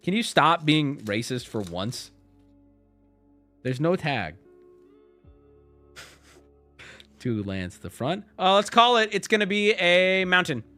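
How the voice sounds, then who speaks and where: A male streamer opening card packs live in casual, joking chat. His pitch swings widely, and he breaks into shouts when a rare card appears. Faint music plays underneath. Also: sing-song, slow pace, long pauses.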